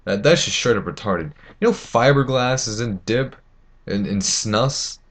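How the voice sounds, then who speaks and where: A man's voice: fairly low pitch, expressive, unhurried, a bit bright. A teenage boy ranting to camera, indignant and rambling, with many fillers and restarts. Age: teens. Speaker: vlogger. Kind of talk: opinion rant to camera.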